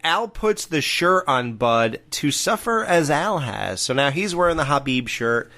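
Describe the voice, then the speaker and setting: A man's voice: fairly high pitch, big pitch swings, unhurried, pushed and bright. A man hosting a podcast, casually recapping a sitcom episode and laughing along. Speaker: podcast host.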